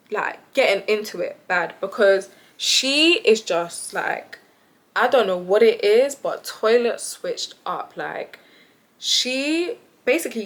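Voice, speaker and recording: A young woman talking to camera, telling a story in a chatty, exasperated way and often addressing her viewers. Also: medium pitch. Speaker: vlogger.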